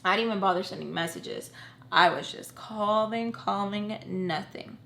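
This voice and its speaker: A young woman in her twenties telling an emotional story from her own life, animated and emphatic, often stressing points with "okay?". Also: medium pitch, moderate pace, gravelly. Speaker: storytime vlogger. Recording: roomy echo.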